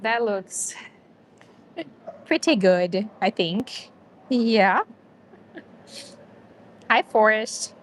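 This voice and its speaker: Slow-talking woman hosting a livestream. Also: mid-range voice, a little hiss or hum. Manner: chatty, talks to viewers and to a dog, laughs often. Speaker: livestream host. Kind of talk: casual livestream chat.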